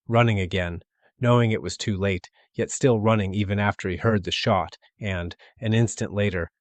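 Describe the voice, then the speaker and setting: A man reads a classic short story aloud in a steady, measured audiobook narration. His voice sits low, and the recording is dry and close to the mic, with no room sound. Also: dry recording. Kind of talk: scripted literary narration.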